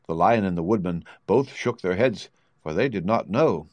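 Narrator, man, low and lively reading, dry close sound. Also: moderate pace, dry recording. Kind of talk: storybook narration.

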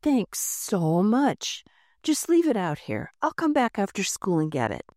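A woman voicing an excitable little girl inventor, high and eager. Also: a little slow, dry recording, studio quality.

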